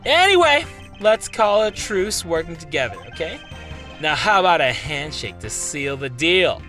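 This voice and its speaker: Brief: a man playing a high, loud, hot-headed game prosecutor, all drama. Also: sing-song, faint music behind. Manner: dramatic, shouting, drawn-out. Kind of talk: game dialogue read aloud.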